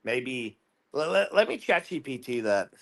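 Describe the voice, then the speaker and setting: Male host, mid pitch, inquisitive, talking over a video call. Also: sing-song, unhurried, fairly bright tone. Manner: curious, asks lots of questions. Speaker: podcast host. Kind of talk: casual panel chat.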